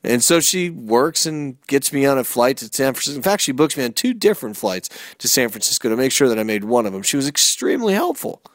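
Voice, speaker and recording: A middle-aged man hosting a motivational talk, energetic and storytelling, with emphatic rhetorical questions. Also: mid-range voice, fast talker, hardly any pauses, dry recording, clean studio sound. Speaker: motivational speaker and host.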